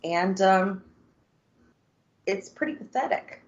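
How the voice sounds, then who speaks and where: A woman's voice: medium pitch, lively intonation, slow pace. A woman co-hosting a podcast, talking politics in a blunt, exasperated way and swearing freely. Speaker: podcast co-host. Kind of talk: casual political chat. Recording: dull lo-fi sound.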